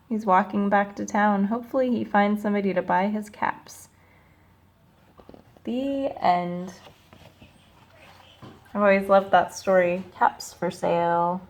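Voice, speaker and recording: A female teacher with a medium-pitched voice reads a picture book aloud to children, slowly and expressively, pausing to ask them questions.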